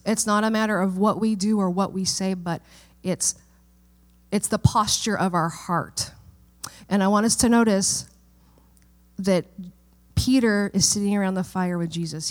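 A middle-aged woman pastor preaching a sermon in a church, in a conversational way that often checks in with the listeners. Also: medium pitch.

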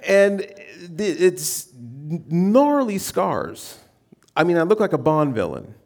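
A man's voice: on the high side, gravelly, a little mellow. A middle-aged male pastor preaching a sermon, telling a self-deprecating personal story and acting out the people he quotes. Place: church.

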